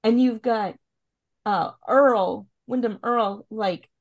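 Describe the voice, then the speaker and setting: A woman's voice: fairly high pitch, takes it slowly, muffled recording. A woman hosting a podcast in casual, chatty talk, full of fillers and swearing freely. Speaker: podcast host. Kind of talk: casual podcast recap chat.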